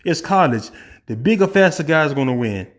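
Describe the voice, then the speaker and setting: Animated man ranting about football. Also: on the high side. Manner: animated, opinionated, swings from fast to drawn-out. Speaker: sports vlogger. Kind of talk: casual sports rant.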